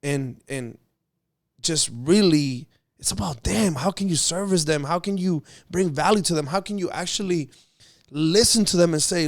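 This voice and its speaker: Excited male podcast host, dry mic. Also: on the high side, normal speed, no echo. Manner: animated storytelling, gets excited. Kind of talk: casual podcast chat.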